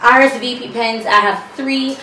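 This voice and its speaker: A woman's voice: on the high side, fairly even intonation, normal speed, sharp tone. Chatty woman in an echoey room. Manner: chatty, sassy asides to viewers. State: out of breath. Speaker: vlogger. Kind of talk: casual chat. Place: room at home with a fan. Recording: echoey room, far from the mic, faint hum.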